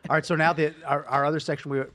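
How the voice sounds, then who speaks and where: A man co-hosting a podcast in casual chat, upbeat and jokey, reading shout-outs. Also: on the high side, little pitch movement, racing, dry recording. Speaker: podcast co-host. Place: podcast studio. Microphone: studio mic.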